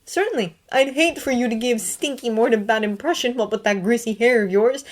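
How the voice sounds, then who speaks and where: A woman's voice: on the high side, fairly quick, pitched above the performer's own voice, natural voice. A woman voicing a cocky teenage wizard bully who taunts and mocks, in a read-aloud fan story. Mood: mocking. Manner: taunting, mocking, loud.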